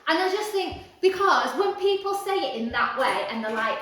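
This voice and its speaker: A woman co-hosting a casual chat, sarcastic and quick to explain the science behind fitness myths. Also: high-pitched, animated, a bit bright, slight background noise. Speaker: podcast co-host, fitness coach. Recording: very echoey room.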